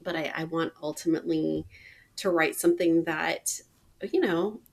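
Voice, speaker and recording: A woman in her thirties, a mother and podcast co-host, talking earnestly and reflectively with some halting restarts. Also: low voice, steady tone, creaky. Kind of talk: casual chat.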